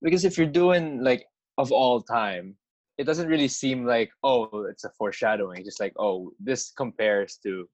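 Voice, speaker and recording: A man joins a podcast as a guest and banters with the host, playful and quick to joke. His voice sits at a middle pitch and sounds dry and close, with no room echo. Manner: joking, playful, animated. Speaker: guest artist. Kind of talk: casual podcast chat. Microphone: video call setup.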